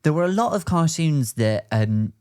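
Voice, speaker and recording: A woman's voice: sits low, animated, moderate pace, mellow, clear, resonant tone. Chatty woman hosting a podcast. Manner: chatty, tangent-prone, playful impressions. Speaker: podcast host. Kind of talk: casual podcast chat.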